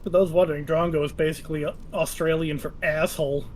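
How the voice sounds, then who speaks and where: A man's voice: a little high, little pitch movement, fast talker, slight background noise. Man with dry wry quips. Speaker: co-streamer. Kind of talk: casual chat while gaming.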